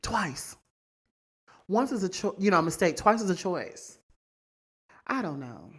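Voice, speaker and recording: A woman's voice: lowish voice, sing-song, a little slow, slightly rough. A woman hosting a solo celebrity gossip podcast, blunt, profane and brassy, hammering her points home by repeating them, seated on a couch indoors. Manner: repeats lines for emphasis. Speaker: podcast host.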